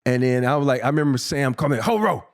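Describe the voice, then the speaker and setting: A man in his fifties sits for a relaxed interview and tells stories with animated, profane energy. His voice sits in an ordinary middle pitch, and he often breaks into laughter as he acts out old exchanges. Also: very fast, smooth. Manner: animated, profane storytelling, acting out quotes with laughter. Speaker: interview guest, former pro basketball player. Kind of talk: casual storytelling in a podcast sit-down.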